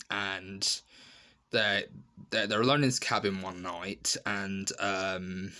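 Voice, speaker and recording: A man's voice: on the low side, sharp tone. A man giving a casual spoken review, rambling with lots of ums, restarts and laughing asides. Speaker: film reviewer.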